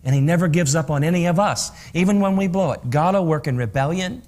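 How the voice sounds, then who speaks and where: A man's voice: on the high side, fast, darkish tone. A man on a talk show giving earnest, encouraging advice to parents in a preachy way. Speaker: co-host, counselor.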